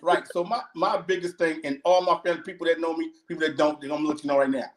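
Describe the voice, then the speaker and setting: A man's voice: fairly high pitch, steady tone, fast, roomy sound, a little hiss or hum. A man co-hosting a casual chat show, talking in a laid-back way and often saying "you know what I'm saying". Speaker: co-host.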